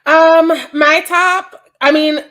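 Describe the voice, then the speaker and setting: A woman's voice: very high-pitched, steady tone, takes it slowly, fairly bright tone. A woman co-hosting a casual podcast chat, blunt and profane in her opinions. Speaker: podcast co-host.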